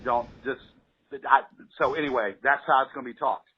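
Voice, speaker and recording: A man putting on a clumsy fake Middle Eastern accent, halting and repeating himself, over a lo-fi phone recording. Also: mid-range voice, husky, lightly acted. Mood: stilted. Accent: poor put-on Middle Eastern accent. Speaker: caller on a recorded phone call. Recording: lo-fi phone voicemail and call.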